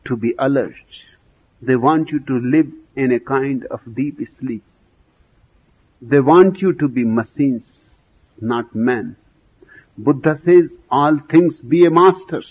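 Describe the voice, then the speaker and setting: A man giving a spiritual talk, slow and emphatic, asking rhetorical questions. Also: mid-range voice, husky, phone-quality sound. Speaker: spiritual teacher. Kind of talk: lecture.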